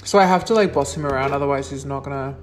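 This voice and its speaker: A woman's voice: a bass voice, racing, a little hiss or hum. A young adult woman, answering questions in a casual vlog, blunt and sweary, with lots of likes and ums. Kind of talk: casual Q&A monologue.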